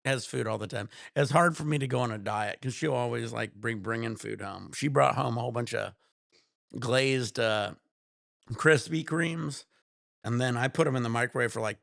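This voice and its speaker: A man's voice: mid-range voice, gravelly, fairly bright tone, no echo, studio quality. A man streaming from home, chatting casually in a rambling, laid-back way with plenty of swearing.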